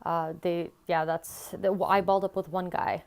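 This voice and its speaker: A young woman drops in a brief voice-over aside, casual and offhand. Her voice sits low and comes through smooth and clean. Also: little pitch movement, moderate pace, darkish tone. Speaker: vlogger.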